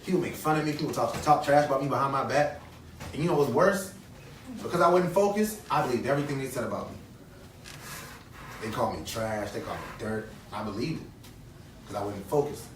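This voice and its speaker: A man's voice: medium pitch, fairly quick, pauses often, slight background noise. A man in his thirties giving an earnest motivational speech to kids at a conference, repeating key phrases and quizzing the audience. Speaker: motivational speaker. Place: conference hall. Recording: echoey hall, distant mic, faint ambience.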